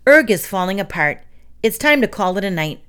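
A woman's voice: medium pitch, sing-song, fairly quick, fairly bright tone, clean tone. Woman reading an earnest, sensible boy. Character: proud, earnest boy in a suit.

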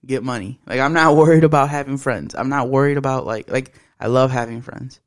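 Young man, podcast co-host, casual chat, blunt, swears a lot, mid-pitched voice. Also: steady tone, fairly quick. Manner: profane, blunt storytelling.

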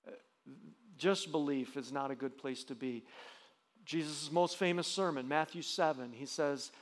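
A man's voice: on the high side, measured pace, big-room sound. A man preaching a sermon as pastor, earnest, with frequent restarts and rising emphasis.

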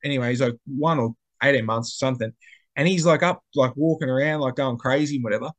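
A man's voice: mid-range voice, quick pace. A young man in casual chat, a rambling storyteller full of slang and restarts.

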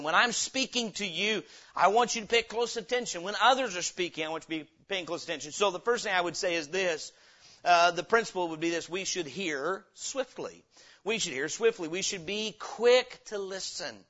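A man preaching a sermon as pastor, reading scripture slowly and breaking into sudden loud, emphatic bursts. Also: sits high, highs cut off.

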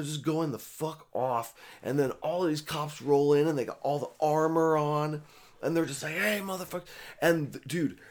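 Brief: young guy, mid-pitched, loose and profane, rambling casual storyteller. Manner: profane, rambling, animated retelling.

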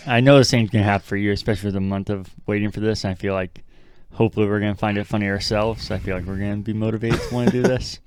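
A man's voice: on the low side, steady tone, rapid-fire, few pauses, darkish tone, slight background noise. A young man co-hosting a podcast in casual chat, making dry, teasing remarks. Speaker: podcast co-host.

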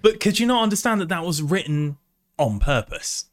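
A man's voice: on the high side, big pitch swings, moderate pace, no echo. Man, casual chat, reactive and agreeable, dry close sound. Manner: reactive, questioning, agrees often. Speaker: podcast co-host.

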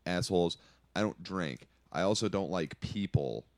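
A man's voice: deep voice, expressive, moderate pace, a little mellow, no room sound, clean studio sound. A man co-hosting a podcast, joking and swearing in casual banter. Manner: profane, joking, laughing often. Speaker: podcast co-host.

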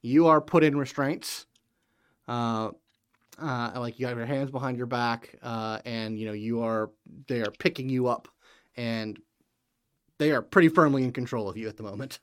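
A man running a tabletop game who narrates the scene in halting stretches. He leans heavily on fillers and restarts. His voice is smooth and resonant at an ordinary pitch. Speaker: game master.

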